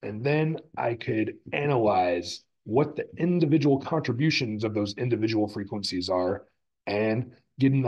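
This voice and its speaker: A man's voice: on the low side, darkish tone, breathy edge, poor audio. A man lecturing on the physics of sound, explaining step by step and restating terms as he goes. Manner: explanatory, repeats and rephrases terms. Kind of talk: recorded classroom lecture.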